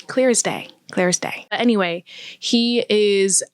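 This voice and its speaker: A woman's voice: mid-range voice, unhurried, smooth, no room sound. A woman vlogger giving casual, chatty film commentary, laughing often and using lots of fillers. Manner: chatty, laughing, filler-heavy with acted-out quotes.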